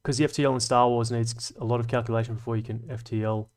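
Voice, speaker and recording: A man's voice: mid-range voice, level tone, fast, a little mellow. A man hosting a livestream, chatting casually and reading out comments, rambling, swearing and laughing often. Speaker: livestream host.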